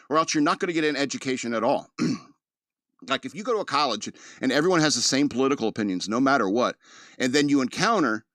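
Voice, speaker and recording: A man's voice: medium pitch, a bit bright, no room sound, clean studio sound. A man hosting a casual news commentary podcast, reading articles aloud and breaking off into loose, joking asides full of filler words. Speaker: podcast host.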